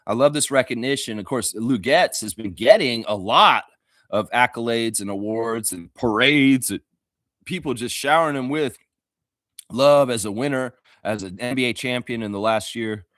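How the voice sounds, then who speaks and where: A young man hosting a casual fan show, excitable, laughing often and mimicking others in high squeaky voices. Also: normal speed, dry recording, studio quality. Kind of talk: casual fan talk stream.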